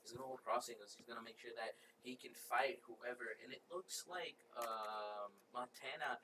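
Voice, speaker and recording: A man's voice: mid-range voice, normal speed. A man giving color commentary on a competitive video game match, explaining tactics and repeating points. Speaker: esports analyst. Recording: distant mic with faint hiss.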